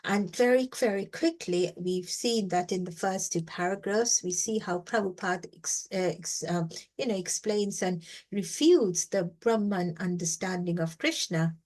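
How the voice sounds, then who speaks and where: A woman's voice: fairly low pitch, measured pace, few pauses, a little mellow. A woman teaching a reflective scripture reading class in an emphatic way, repeating words for stress and often saying "you know".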